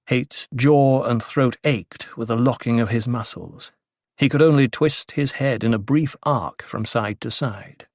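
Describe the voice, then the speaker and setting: A male audiobook narrator reading in a measured, even way, with a middle-pitched voice. The recording is close and completely dry, with no room sound. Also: no room sound. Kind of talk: scripted narration.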